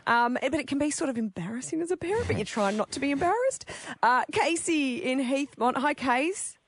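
A woman's voice: high-pitched, expressive, brisk, slight background noise. A woman, hosting casual radio chat and telling stories with acted-out quotes. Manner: chatty storyteller, acts out quotes. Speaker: radio host.

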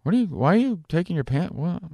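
A man's voice: high-pitched, big pitch swings, quick pace, a little mellow, no room sound, clean studio sound, pitched above the performer's own voice, full character voice. A man impersonating a flustered, nervous young man who stammers in confusion. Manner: stammering, rising and bewildered.

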